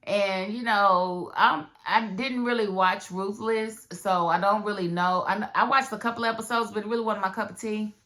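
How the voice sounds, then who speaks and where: A woman reviewing a TV drama episode in a casual, animated way, acting out the characters' lines. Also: medium pitch, normal speed, few pauses. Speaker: TV show reviewer. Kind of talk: casual recap commentary.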